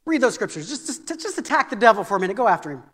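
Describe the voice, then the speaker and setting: A male pastor preaching in a church sanctuary, his voice ringing through a long hall reverb. He repeats words as he presses his points and climbs toward forceful, insistent peaks. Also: high voice, big pitch swings, rapid-fire. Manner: preaching with rising intensity and repeated phrases. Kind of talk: sermon.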